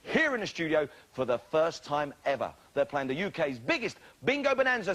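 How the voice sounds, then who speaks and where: A man's voice: a little high, sing-song, a little fast. A man hosting a television game show, joking and bantering energetically with contestants. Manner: exuberant, jokey banter with contestants. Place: television studio with live audience. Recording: loud studio audience and noise.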